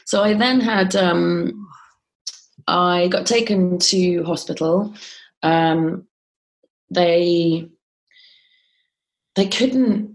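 A woman guest on a podcast telling a personal story in a halting, conversational way, with frequent ums and restarts. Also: lowish voice.

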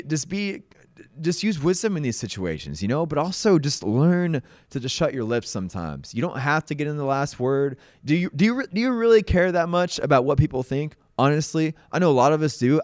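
A man's voice: a little high, very animated, a little fast, dry recording. Young guy rambling thru a pep talk on his podcast, folksy, keeps saying man, dry close sound. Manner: folksy, rambling, says y'all and man often. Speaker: podcast host. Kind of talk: casual motivational monologue.

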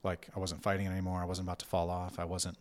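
Low-voiced man recounting, halting and reflective. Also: completely flat delivery, darkish tone. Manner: reflective, halting, many fillers and restarts. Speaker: guest recounting an experience. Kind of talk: casual conversation.

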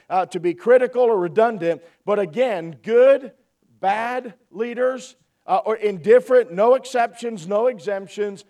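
Emphatic high-voiced preacher in church. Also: male voice, a little mellow, recorded from a distance. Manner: emphatic, repeats phrases, frequent "amen?". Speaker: pastor. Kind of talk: sermon.

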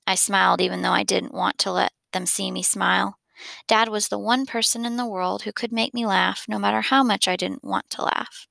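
Gravelly, bright-voiced woman reading aloud. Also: mid-range voice, steady tone, normal speed, no echo. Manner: warm, encouraging. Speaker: school staff member reading to students. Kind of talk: reading a children's novel aloud.

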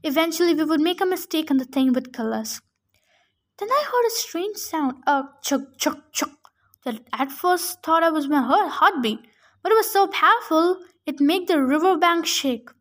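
A woman reading a novel chapter aloud for her podcast, eager and a little halting with restarts. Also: high voice, expressive, fairly bright tone.

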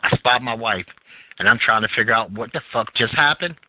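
A man hosting a podcast, telling a story in casual, profane chat with big swings of feeling. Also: fairly quick. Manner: animated, profane storytelling with wide pitch swings. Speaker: podcast host. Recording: tinny phone line.

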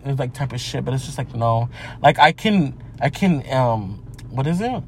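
A man's voice: mid-range voice, expressive, moderate pace, a little hiss or hum. A young man talking casually and profanely in a brash, joking manner from a parked car. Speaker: vlogger. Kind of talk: casual monologue vlog.

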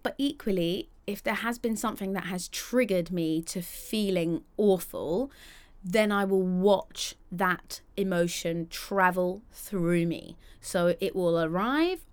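A woman's voice: medium pitch, clear, resonant tone. A young woman hosting a solo podcast, chatty and candid, acting out quoted voices. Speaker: podcast host.

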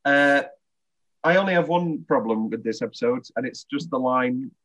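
A man's voice: medium pitch, normal speed, fairly bright tone, rough recording. A man hosting a podcast, chatting enthusiastically and laughing often. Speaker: podcast host. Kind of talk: casual chat.

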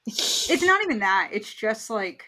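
A woman's voice: a little high, sing-song, a little slow, bright, forceful tone. A young woman from New York co-hosting a casual film chat podcast, swearing freely and laughing often. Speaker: podcast co-host. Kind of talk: casual chat about films.

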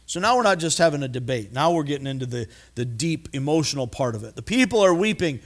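Man preaching, fairly high voice, animated, repeats words, acts out the voices he quotes. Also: quick pace, few pauses. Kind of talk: expository sermon.

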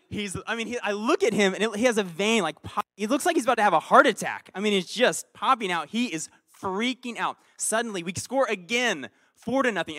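A male pastor with a fairly high voice delivers a casual, story-driven sermon. He talks like a friend, dropping to near-whispered asides and then surging loud with excitement. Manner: animated storyteller, swings between quiet asides and loud bursts. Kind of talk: conversational sermon with personal story.

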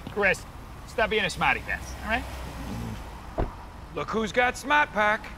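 A man's voice: high voice, big pitch swings, a little slow, noisy background. An actor in a car commercial playing a cocky man with a Boston accent who shows off his self-parking car. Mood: boastful. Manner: boastful, teasing.

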